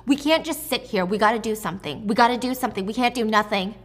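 A woman's voice: a little high, fast, natural voice. A woman voicing an agitated young woman who urges action. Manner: urgent and agitated. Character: riled-up young woman, urgent and restless.

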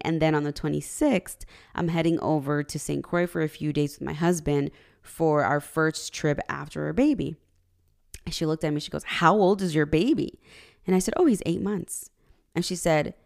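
A woman's voice: sits low, creaky, a little mellow. A woman in her thirties giving a preachy, direct motivational talk and addressing her audience. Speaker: motivational speaker.

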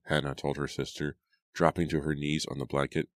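A man narrating an audiobook in a steady, measured storytelling manner. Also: a bass voice, no echo. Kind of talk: scripted narration.

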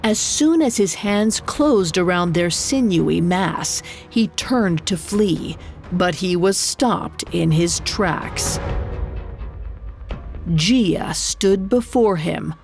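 Slow gravelly woman narrating a myth. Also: lowish voice, lively intonation, a little mellow. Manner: measured, dramatic storytelling. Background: faint music.

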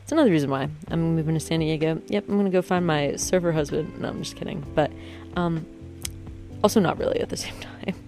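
A woman's voice: deep voice, quick pace, dark tone, soft background music. A young woman in her twenties telling a casual story about a night out, chatty and self-mocking, full of "like" and "um". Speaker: vlogger.

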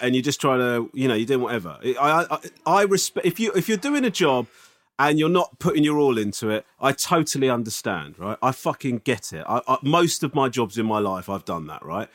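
A man, telling animated stories in a casual podcast chat and swinging into mock outrage. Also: medium pitch, a little fast.

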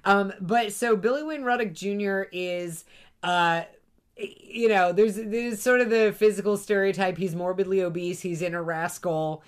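A woman's voice: medium pitch, normal speed, clear, resonant tone. A woman co-hosting a casual podcast chat, talking with many fillers and restarts and laughing often. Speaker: podcast co-host. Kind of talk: casual chat reviewing a comedy series.

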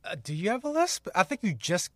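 A man co-hosting a casual podcast chat in a slightly higher voice. He halts and repeats words before landing his point, and the recording is dry and close. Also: very animated, fairly quick, no room sound. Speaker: podcast co-host.

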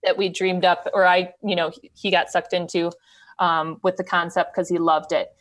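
Lower-pitched woman telling a candid story. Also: normal speed. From Wisconsin. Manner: candid, animated storytelling with quoted asides. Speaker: podcast guest. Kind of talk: casual storytelling interview.

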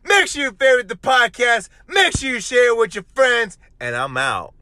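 A man with a very high, bright voice rants excitedly as the host of his own podcast. His pitch swings widely as he tells the story, and he swears freely. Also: normal speed, no echo. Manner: profane, excitable, animated storytelling. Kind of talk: excited solo podcast rant.

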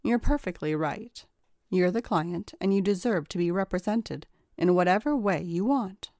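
A woman voicing a cautious, earnest woman lawyer who speaks in a measured, polite way. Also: lowish voice, expressive, a little mellow, no room sound, clean studio sound.

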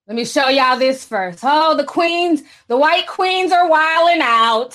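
A young woman hosting casual commentary, sassy and animated, reading posts aloud with frequent laughter. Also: high-pitched, slow pace. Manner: sassy and animated, laughs often, puts on a valley girl voice for quotes. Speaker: commentary host.

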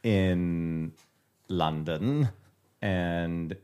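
A man joking deadpan as a podcast co-host, swearing casually in loose chat. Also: low voice, extremely slow, smooth. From Iowa.

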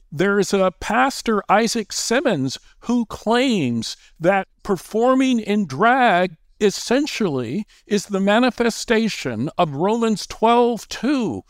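A man who is a guest author, explaining his views in a measured, lecturing way. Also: high-pitched, smooth, no echo, clean studio sound. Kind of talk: interview conversation.

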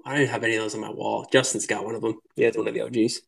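A man from Minnesota, a podcast guest who tells fishing stories in a casual, animated way, laughing often and filling his speech with "like". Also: fairly low pitch, very fast, vocal fry, breathy edge. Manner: animated, laughing, lots of "like" fillers. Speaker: podcast guest, lure builder. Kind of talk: casual storytelling chat.

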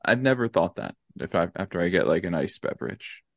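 A man's voice: deep voice, animated, fairly quick, creaky, fairly bright tone, no room sound, clean studio sound. A young man co-hosting a podcast, laid-back and rambling with lots of fillers in casual chat. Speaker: podcast co-host.

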